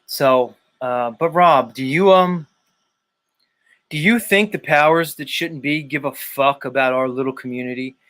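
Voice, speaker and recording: A man's voice: mid-range voice, a little slow, fairly bright tone. Man, livestream host, casual chat, cusses freely, talks straight to the chat. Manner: loose and profane, talks to the chat.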